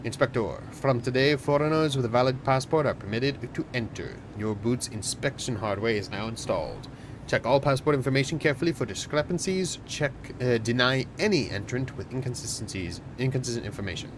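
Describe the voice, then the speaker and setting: Male let's-player, mid-pitched, joking running commentary, noisy recording. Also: animated, brisk. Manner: jokey, reads game text aloud, bursts into shouting. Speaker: gamer playing a border-inspector game. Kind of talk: casual let's-play commentary.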